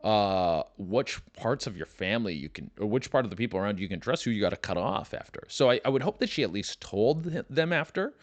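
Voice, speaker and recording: A young man with a lowish voice rants through a comedy podcast, swearing freely and slipping into quick mock voices. The sound is close and dry, with no room around it. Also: lively intonation, dry recording. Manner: loose, profane, riffing with mock voices. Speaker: podcast host. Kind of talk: casual comedic rant.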